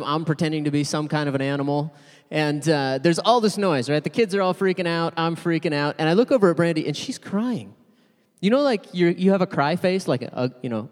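Storytelling pastor in a reverberant hall. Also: male voice, fairly high pitch. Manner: conversational, self-deprecating, lots of "like" and "right?". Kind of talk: casual storytelling sermon.

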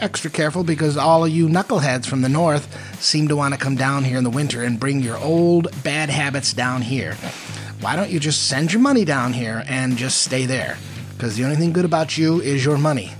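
A podcast host tells a rambling, self-mocking story in a casual monologue packed with fillers. His voice is a little high and fairly quick. Faint guitar music plays behind him.

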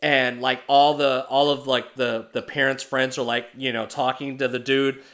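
A man co-hosting a casual podcast, telling stories in an animated, heavily profane way. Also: mid-range voice, normal speed. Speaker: podcast co-host.

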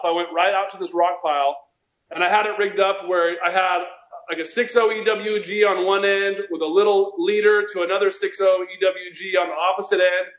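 A man with a fairly high voice tells casual fishing stories, circling back and restarting as he goes. The sound is roomy and a bit dull. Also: a bit bright. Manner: rambling, with many restarts. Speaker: guest angler. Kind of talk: casual storytelling.

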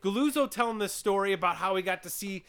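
A man hosts a podcast in casual chat, speaking fast in a high-pitched, clean voice. He's an animated storyteller, retelling a story and quoting people with a steady stream of "he goes."

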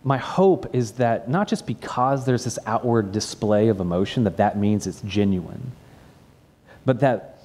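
Man preaching in a relaxed story style. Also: lowish voice, unhurried. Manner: conversational storytelling, repeats words when starting phrases. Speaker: pastor. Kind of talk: sermon with personal story.

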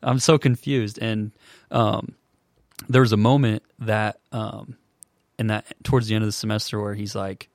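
A man in his twenties, a podcast guest, telling his story in an earnest, halting way with many restarts. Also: fairly low pitch, flat delivery, dry recording, studio quality. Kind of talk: casual storytelling.

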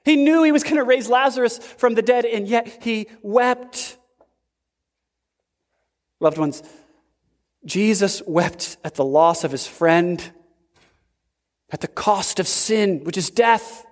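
Delivering a sermon, a male pastor speaks slowly with heavy emphasis and abrupt shifts in pitch. His voice echoes with the lengthy reverb of a big hall.

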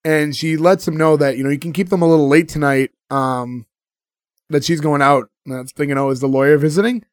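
A man's voice: fairly high pitch, fairly even intonation, brisk, no echo, clean studio sound. A man on a podcast, casually recapping a TV episode and laughing often.

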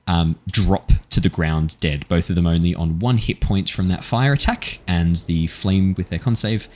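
Deep-voiced man running a tabletop game. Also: normal speed, a little hiss or hum. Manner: casual, many fillers, laughs at his own jokes. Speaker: dungeon master.

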